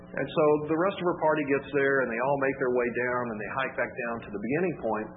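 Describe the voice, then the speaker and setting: A man's voice: medium pitch, quick pace, few pauses, in a large hall. A man preaching a sermon, telling a story and raising his voice for emphasis. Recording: tinny phone-like sound, faint background hiss.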